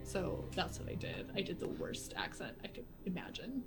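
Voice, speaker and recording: A woman's voice: lowish voice, moderate pace, music in the background. A woman talking as a guest in a casual chat, telling stories with frequent laughter. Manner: laughs often, animated storytelling.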